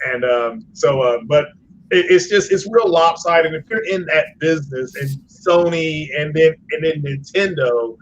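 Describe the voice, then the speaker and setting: A man joining a podcast as a guest, rambling through his points with lots of fillers and restarts. His voice sits a little high for a man and comes through muffled, lo-fi call audio with a faint hiss behind it. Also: unhurried. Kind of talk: casual podcast chat.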